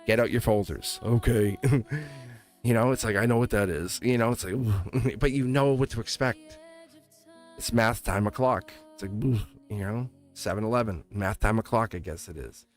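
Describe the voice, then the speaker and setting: This tarot reader and livestream host has a lowish voice and keeps a moderate pace. He chats in a loose, rambling way, chuckling frequently and starting sentences over, while faint music plays.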